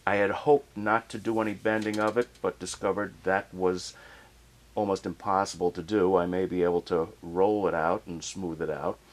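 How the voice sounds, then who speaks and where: Low-voiced man explaining a repair. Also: moderate pace. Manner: relaxed, plainspoken, working as he talks. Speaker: hobbyist restoring a turntable. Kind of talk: casual how-to narration.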